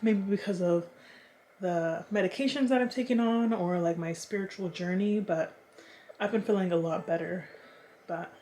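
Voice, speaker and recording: A woman's voice: normal speed, a little hiss or hum. Chatty, swearing young woman vlogger. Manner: chatty, swears freely, animated swings in pitch. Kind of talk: casual chat to camera.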